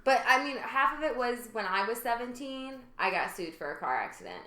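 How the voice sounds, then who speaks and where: Woman, podcast co-host, casual chat, chatty storyteller, frequent laughs, bright tone, echoey room. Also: a little high, big pitch swings, brisk. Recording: roomy echo.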